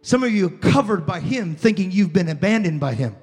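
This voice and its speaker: Very high-voiced fervent male preacher. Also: lively intonation, brisk, breathy edge, big-room sound, soft background music. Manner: fervent preaching, swinging from hushed to shouted. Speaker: pastor. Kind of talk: sermon. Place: church sanctuary before a congregation.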